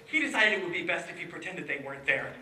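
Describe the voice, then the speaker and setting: A man telling a folk tale to a live audience, playful and animated, with asides to his listeners. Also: fairly high pitch, fast. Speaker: storyteller. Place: indoor room with a live audience. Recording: echoey room from far off.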